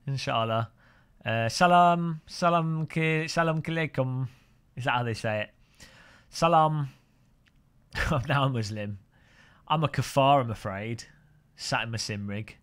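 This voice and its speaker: A man's voice: mid-range voice, measured pace, long pauses, fairly bright tone, clean tone. A man streaming sim racing, chatting and joking with viewers and often laughing. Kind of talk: casual live-stream commentary while sim racing.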